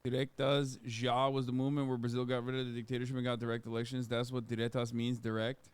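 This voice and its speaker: A man's voice: medium pitch, level tone, fast talker, smooth, dry recording. A man streaming casual commentary, sarcastic and swearing freely.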